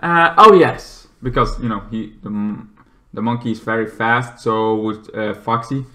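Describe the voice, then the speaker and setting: Speaking at a measured pace in a fairly low voice, this man rambles casually through a film review. He often starts over and sometimes erupts into loud, theatrical yells.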